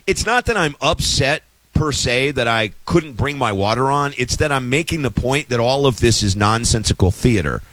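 A man's voice: medium pitch, expressive, normal speed, hardly any pauses, fairly bright tone, no room sound, poor audio. A man telling a story in a casual, exasperated rant, with sarcastic asides, as a host at the mic.

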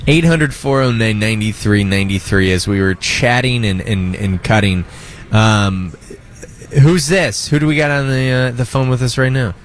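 A man's voice: medium pitch, moderate pace, a little hiss or hum. Playful man hosting a radio call-in. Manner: playful, teasing. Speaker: radio show host. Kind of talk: morning radio call-in chat.

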